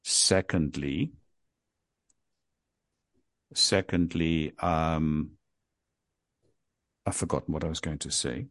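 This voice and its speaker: A man's voice: very deep voice, takes it slowly, long pauses, fairly bright tone, no echo. An older man hosting a casual podcast, rambling and poking fun at himself. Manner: self-mocking, jokey, rambling. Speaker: podcast host.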